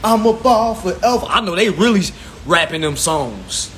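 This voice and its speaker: A man's voice: high voice, expressive, normal speed, fairly bright tone, a little hiss or hum. A man teaching viewers about credit in an informal, preachy lecture, swearing a lot for emphasis and repeating his points. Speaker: self-styled credit instructor.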